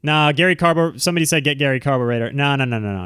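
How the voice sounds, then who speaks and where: A man hosting a live stream, chatting casually and rambling through quick asides to his viewers. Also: mid-range voice, a bit bright, clear, resonant tone, no room sound, clean studio sound. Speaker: livestream host. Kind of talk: casual livestream chat.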